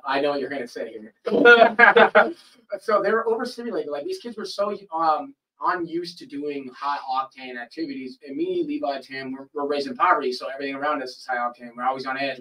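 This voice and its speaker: Speaking a little fast in a mid-range voice, this podcast host spins a lengthy, profane, animated story in casual chat, performing the voices of those he quotes. He's slightly off-mic and recorded from a distance, so the audio is poor.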